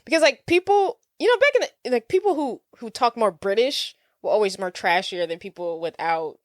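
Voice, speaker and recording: A woman's voice: on the high side, animated, normal speed, no echo, studio quality. A woman co-hosting a movie podcast, playful and slangy in casual chat. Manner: playful, laughs often, slangy. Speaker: podcast co-host.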